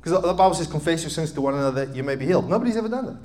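A man in his thirties preaching a sermon as a pastor, animated, swinging between loud emphatic peaks and quiet asides. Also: a little high, very fast. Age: 30s.

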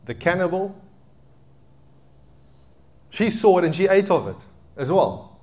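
A man in his thirties preaching a sermon as a pastor, animated, swinging between loud emphatic peaks and quiet asides. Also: high voice, slow pace. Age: 30s.

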